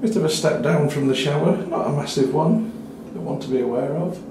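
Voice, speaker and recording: Speaking a little fast, a man whose voice is on the high side gives a chatty, wry tour of a small hotel room for a travel review, complete with dry asides. The recording sounds like an echoey small room with faint noise.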